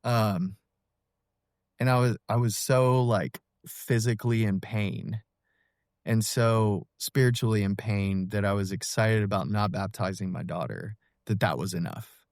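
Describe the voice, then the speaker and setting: Earnest, halting man, low voice. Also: a little mellow, no room sound, studio quality. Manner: earnest, halting, many fillers and restarts. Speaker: podcast guest. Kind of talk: personal testimony in an interview.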